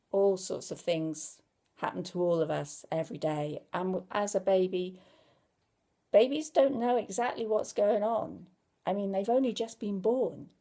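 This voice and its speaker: A woman calmly explaining to parents why babies cry, in a gentle, reassuring, conversational way. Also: medium pitch, gravelly. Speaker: parenting educator. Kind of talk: informal talk to camera.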